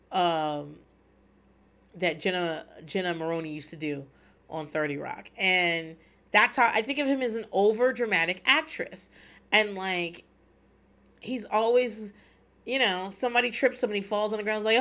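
A woman's voice: medium pitch, moderate pace, long pauses, a bit bright. A woman hosting a podcast, chatting casually and candidly, swearing freely and laughing often. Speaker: podcast host. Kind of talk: casual recap chat.

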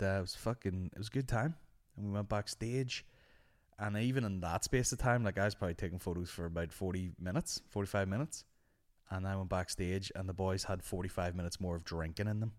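A young man with a slightly low voice hosts his podcast. He tells a rambling anecdote in a casual, lively, profane way. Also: brisk. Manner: animated, sweary anecdote-telling. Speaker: podcast host. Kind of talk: casual storytelling monologue.

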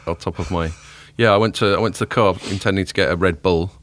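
A man hosting a podcast in casual chat, rambling and self-deprecating, a little hungover and rough-voiced. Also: sits low, steady tone, fast talker, a bit bright, no room sound. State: hungover, voice a bit deeper than usual. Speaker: podcast host.

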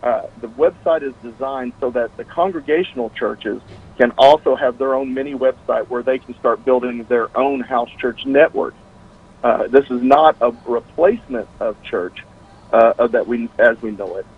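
A man as a guest on a faith talk show, speaking in a casual, halting way with many restarts and fillers. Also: medium pitch, breathy edge. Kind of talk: casual conversational interview. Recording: tinny phone-like line.

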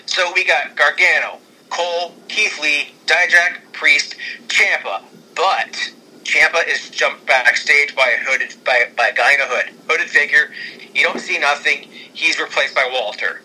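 A man in casual chat, excitedly rambling through an imagined storyline with many restarts. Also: a little high, measured pace, slightly rough, low-quality recording. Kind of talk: casual fantasy-booking chat.

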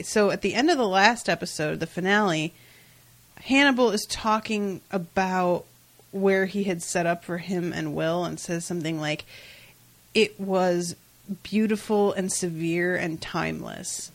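Chatty woman on a podcast call, swears a lot, laughs, does little voices for the scene, mid-pitched. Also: unhurried. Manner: animated, swearing, laughing, acts out quotes. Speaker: podcast co-host. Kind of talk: casual recap chat.

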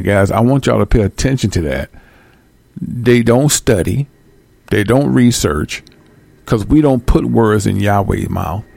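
A man hosting a livestream, talking casually and bluntly with profanity and loud, high-pitched outbursts. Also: vocal fry, dry recording. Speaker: livestream host.

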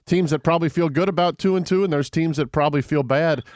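A man hosting sports talk radio, interviewing a guest and signing off in a brisk, upbeat way. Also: fairly high pitch, a little mellow, no room sound. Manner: brisk, upbeat sign-off delivery.

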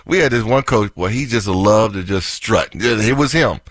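A man's voice: fairly low pitch, lively intonation, fairly bright tone, dry recording. A man co-hosting a sports podcast, telling locker-room stories in a casual, laughing way and drawing out his words. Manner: laughing storyteller, drawn-out delivery. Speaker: podcast co-host, former football coach.

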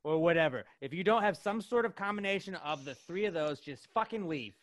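A man's voice: high voice, expressive, a little fast, no room sound. Dry-sounding joking male radio host. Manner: joking, acts out voices, swears freely. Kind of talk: casual podcast chat.

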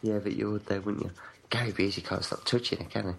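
A man's voice: on the low side, steady tone, quick pace, gravelly, fairly bright tone, a little hiss or hum. A man chiming in with dry, laid-back jokes while watching a film with a friend. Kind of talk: riffing commentary over a film.

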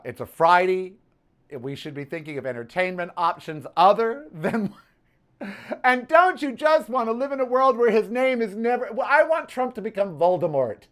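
A man's voice: high-pitched, fairly bright tone. A man hosting his own podcast, ranting casually about politics and telling a story with sassy "honey" asides. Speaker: podcast host.

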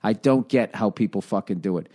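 A man's voice: fairly low pitch, brisk, mellow. A man hosting a podcast, talking in a casual comedic rant full of profanity and exasperation. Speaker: podcast host.

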